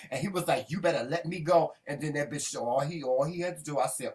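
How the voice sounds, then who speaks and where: A man's voice: a little high, quick pace, hardly any pauses, darkish tone, recorded from a distance. A man co-hosting a talk show, telling heated stories brashly and cursing a lot. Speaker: co-host. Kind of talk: casual chat.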